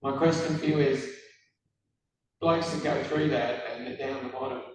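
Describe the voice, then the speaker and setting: A man, hoarse from a cold, asking an earnest question from the audience. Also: medium pitch, steady tone, normal speed. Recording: distant, echoey hall mic with faint room noise.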